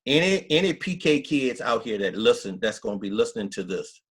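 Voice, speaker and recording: Husky pastor guy, middle-aged, talks emphatic and country, earnest, pitch sits in the middle. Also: sing-song, a little fast. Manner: earnest, emphatic Southern-style country talk. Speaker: pastor, guest. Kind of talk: candid storytelling interview.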